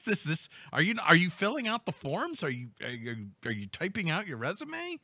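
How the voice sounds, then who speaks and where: A man hosting a casual podcast, animated and jokey, swinging between loud remarks and mumbled asides. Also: on the high side, normal speed, few pauses, dry recording. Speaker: podcast host.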